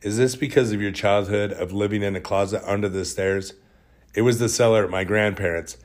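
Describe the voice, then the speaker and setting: A man's voice: fairly low pitch, fairly even intonation, brisk. A man hosting a podcast, telling stories in a rambling, jokey, self-deprecating way. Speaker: podcast host. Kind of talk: casual storytelling monologue.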